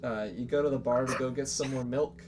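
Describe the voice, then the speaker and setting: Halting man running a tabletop game. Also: medium pitch, fairly even intonation, background noise. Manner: casual, halting, many fillers. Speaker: game master.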